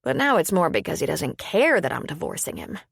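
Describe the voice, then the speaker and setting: A woman narrator voicing an older wife, married for decades, calm and soothing with a dry, weary humor, in an audiobook. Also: sits low, brisk, creaky, husky, dry recording, exaggerated voice. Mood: wry.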